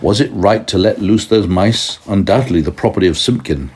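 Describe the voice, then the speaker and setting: A man's voice: lowish voice, fairly quick, darkish tone, breathy edge. A man doing a fretful old tailor. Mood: lamenting. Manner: fretful, lamenting. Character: worried poor old male tailor.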